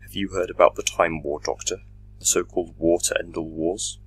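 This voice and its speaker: A man voicing a tormented, menacing armored villain in a fan audio drama reading, speaking slowly and broodingly. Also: deep voice, steady tone, breathy edge, dry recording, rough recording.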